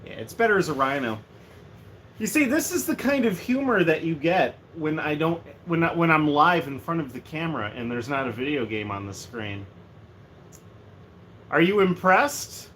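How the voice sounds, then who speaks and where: A man's voice: fairly high pitch, normal speed. A man chatting casually and jokily on a livestream from a room at home, rambling from one thing to the next. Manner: rambling, joking, animated. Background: faint heater hum.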